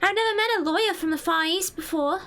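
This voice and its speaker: A woman's voice: extremely high pitch, fast talker, fairly bright tone, faint music behind, pitched above the performer's own voice. A woman reading game dialogue aloud, voicing a small, cheerful young girl inventor in a chirpy, prim and polite way.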